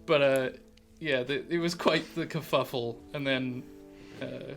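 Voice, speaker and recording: A man's voice: medium pitch, fairly even intonation, a little slow, gravelly, fairly bright tone, soft background music. A British man narrating a tabletop game as dungeon master, often laughing at his own scenes.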